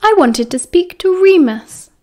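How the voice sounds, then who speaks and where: A woman voicing an earnest, disapproving teenage girl with a high, eager voice and a British accent. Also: lively intonation, a little slow, a little mellow.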